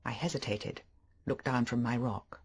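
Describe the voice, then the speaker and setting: An audiobook narrator reading a first-person story with expressive delivery. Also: medium pitch, moderate pace, slightly rough.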